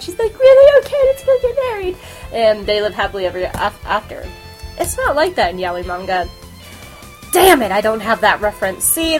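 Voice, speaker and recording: A woman's voice: medium pitch, fairly bright tone, rough recording. Rambling woman podcast host, faint music. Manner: rambling, with many fillers and giggles. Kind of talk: casual anime review chat.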